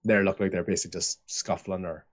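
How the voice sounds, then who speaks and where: A man's voice: low voice, fairly even intonation, fast, dull audio. A man narrating as game master of a tabletop game, rambling with lots of fillers.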